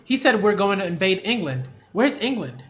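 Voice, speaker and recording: A man's voice: high-pitched, big pitch swings, moderate pace, a bit bright. A man reading out the lines of an eager young village boy from a comic. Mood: excited.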